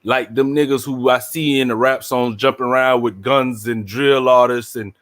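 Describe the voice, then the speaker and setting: A man's voice: mid-range voice, fairly even intonation, normal speed. Blunt, profane man in casual debate.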